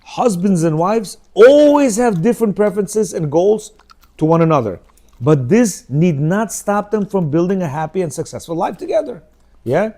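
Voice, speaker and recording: A middle-aged man teaches in a relaxed, talky way. His voice sits fairly high for a man but sounds warm and mellow. He keeps asking "yeah?" to bring the listeners along. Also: normal speed. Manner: conversational, keeps checking in with "yeah?" and "you know"; acts out quoted speech in shifting voices. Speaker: religious teacher. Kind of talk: informal Torah lecture.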